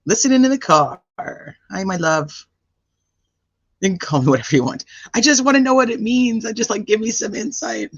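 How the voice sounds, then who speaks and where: A chatty man who is fighting a cold hosts a true-crime livestream and rattles off greetings to his viewers. His fairly high voice swings animatedly up and down. The sound is dry and a little dull and lo-fi. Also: expressive, moderate pace, a bit bright, no room sound. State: voice roughened by a cold. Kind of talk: casual livestream chat, greeting viewers by name.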